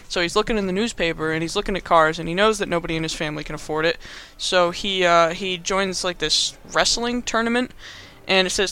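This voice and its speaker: A man's voice: high-pitched, a little fast, bright, forceful tone, clear, resonant tone. A young man casually recapping a movie as a podcast host, rambling with lots of fillers and frequent laughs.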